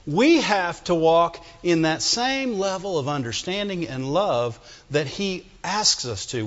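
A middle-aged man preaches a sermon in an animated, joking way, his fairly high voice rising and falling widely as he calls for amens. He talks slowly, and his voice carries a long church-hall reverb on a dull, muffled recording. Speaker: pastor.

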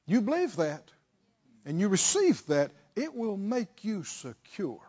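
A pastor preaching a sermon, leading the congregation in call-and-response and swinging between shouted and hushed lines. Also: male voice, high-pitched, big pitch swings, unhurried, dull audio.

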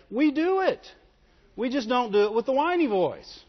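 A man's voice: extremely high pitch, sing-song, normal speed. A man preaching a sermon emphatically, repeatedly calling out to his congregation for agreement. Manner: emphatic, calls for audience response. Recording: echoey hall, dull lo-fi sound.

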